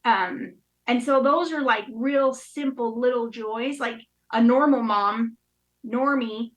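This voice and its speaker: A woman's voice: on the high side, slow pace, low-quality recording. A woman in her thirties speaking candidly and emotionally in casual chat, with many fillers. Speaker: guest.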